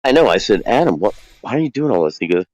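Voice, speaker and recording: A man with a low voice tells a winding story, slipping into the voices of the people he quotes. The sound is dry and close, with no room around it. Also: big pitch swings, fast, darkish tone, no room sound, low-quality recording. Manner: rambling, acts out quoted dialogue. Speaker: guest calling in. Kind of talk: casual storytelling.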